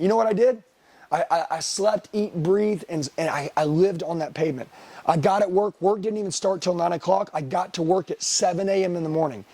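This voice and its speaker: A middle-aged man runs a blunt motivational sales session, swearing freely and hammering his trainees with questions. His high voice is brisk and a little mellow, recorded with no room sound.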